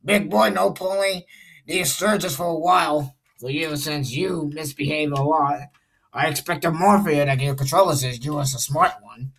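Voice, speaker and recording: A man's voice: fairly high pitch, moderate pace, fairly bright tone, breathy edge. A young man voicing a bossy male railway director who scolds his engines. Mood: scolding.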